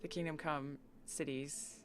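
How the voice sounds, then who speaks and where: A woman's voice: low-pitched, steady tone, a little slow, noisy background. A woman from the United States chatting casually with viewers on a live stream, bubbly and giggly as she reads chat aloud and riffs on it. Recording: faint game music behind.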